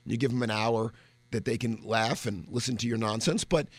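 A man's voice: medium pitch, fairly even intonation, normal speed, dry recording. Confident male branding guest on radio. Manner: confident, explanatory, folksy. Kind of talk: casual on-air chat. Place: radio studio. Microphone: studio microphone.

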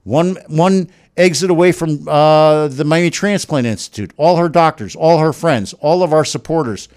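Effusive middle-aged man, fairly high voice. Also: moderate pace, a little mellow, smooth. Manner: emphatic and effusive, repeats himself. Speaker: guest telling his wife's kidney transplant story. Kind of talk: casual emotional storytelling.

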